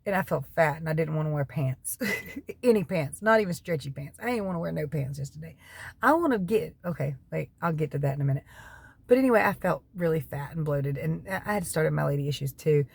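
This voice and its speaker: Gravelly Southern woman rambling on camera. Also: deep voice, expressive, a little fast, no echo. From North Carolina, US. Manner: rambling, wanders off on tangents; folksy, laughs between remarks. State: coughing from allergies. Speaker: keto diet vlogger. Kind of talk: casual chat to camera.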